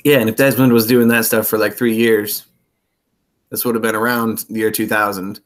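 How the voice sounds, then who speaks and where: A man's voice: on the low side, level tone, moderate pace. A man as a guest in a casual TV recap chat, laid-back with dry humor. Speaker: guest co-host.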